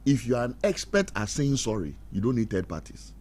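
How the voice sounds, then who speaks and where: Speaking at a fairly quick clip in a mid-range voice, a middle-aged man dispenses marriage advice like a preacher on a radio talk show. He's animated, acts out quarrels in put-on voices, and laughs at his own jokes, with faint background noise behind him.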